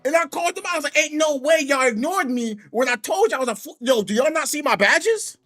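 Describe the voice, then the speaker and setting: A man streaming from home, telling a gaming story in an animated, exasperated way. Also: very high voice, fast talker, no room sound, faint music behind. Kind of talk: casual livestream rant.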